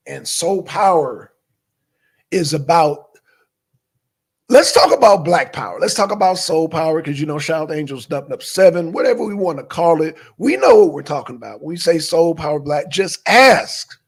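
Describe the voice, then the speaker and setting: A man's slightly high, husky voice at normal speed carries a casual live stream. He reads out viewers' chat names and fires off questions, staying animated, breaking into shouted questions and muttering under his breath.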